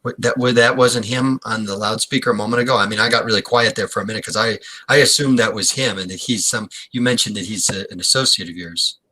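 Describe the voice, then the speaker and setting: A man with a low, bright, forceful voice improvising a comedy scene on a small stage. He rambles and stops to restart his sentences again and again. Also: steady tone, breathy edge, rough recording. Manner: rambling, halting speech full of restarts. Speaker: improv performer.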